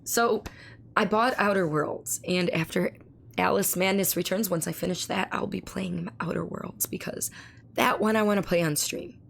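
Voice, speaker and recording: A hoarse woman with laryngitis, chatting casually with her stream viewers and reading their messages aloud, speaking slowly to spare her voice. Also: on the low side, a bit bright, slight background noise. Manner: reads viewer messages aloud and answers them. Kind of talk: casual live-stream chat.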